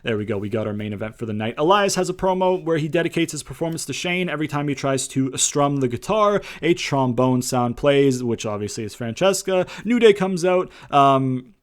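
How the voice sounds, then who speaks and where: A man's voice: a little high, animated. A man giving a casual spoken review of a wrestling show, loose and rambling, with lots of fillers and casual swearing. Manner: slips into quick impressions when retelling lines.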